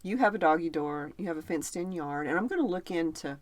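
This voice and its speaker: A female podcast co-host talks quickly in a low-pitched voice, with no echo on the recording. She's an animated storyteller in casual conversation who laughs a lot.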